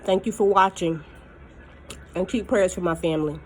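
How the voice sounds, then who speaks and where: This mukbang vlogger has a lowish, darkish voice at a normal speed, with a faint hiss or hum on the recording. Ranting angrily to her viewers in a personal vlog, she repeats herself to hammer each point with furious emphasis, and she seems close to crying from start to finish.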